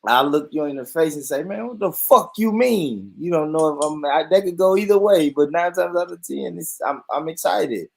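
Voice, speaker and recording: A man hosting a show, reacting in casual commentary with loud, profane talk and frequent laughter. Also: fairly high pitch, brisk, gravelly, few pauses. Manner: loud, profane, laughs a lot, addresses viewers.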